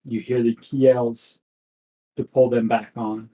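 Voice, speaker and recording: A man narrating a tabletop game as game master, setting the scene in a deliberate, descriptive way. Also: medium pitch, flat delivery, warm tone, poor audio.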